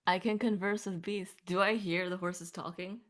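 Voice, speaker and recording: A woman playing a tabletop game, excitable and quick to laugh. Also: lowish voice. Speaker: player. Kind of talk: casual tabletop play.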